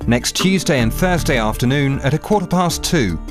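A man voices a radio trailer, smooth and promotional, his pitch lively and expressive. Music is clearly heard under the voice. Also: moderate pace. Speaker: trailer announcer.

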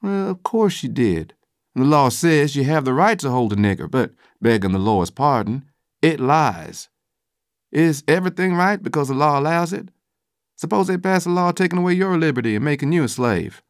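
This is a middle-aged carpenter in a spoken audiobook, grave and deliberate, who presses his point with earnest conviction, as a man voices him. He sits noticeably higher than the reader's own low voice. His tone rises and falls widely, and the sound is dry and close. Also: expressive, dry recording.

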